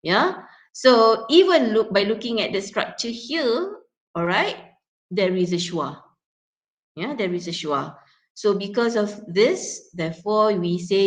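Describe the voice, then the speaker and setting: A woman's voice: mid-range voice, expressive, a little slow. A young woman with a Malaysian accent teaching English pronunciation in a lecture, mixing in Malay words and often checking in with "yeah?" and "okay". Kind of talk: classroom lecture.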